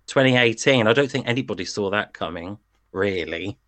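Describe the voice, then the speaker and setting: A man's voice: fairly low pitch, animated, fairly quick, a bit bright, no echo. A man chatting casually as a song review panelist, rambling and digressing with lots of fillers.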